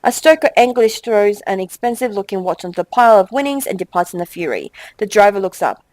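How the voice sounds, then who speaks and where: A woman's voice: mid-range voice, animated, darkish tone, no echo, low-quality recording. Chatty young woman gaming host, dry close sound. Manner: chatty and exasperated, reads game text with quick asides. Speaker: let's play host. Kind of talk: casual gameplay commentary and reading game text aloud.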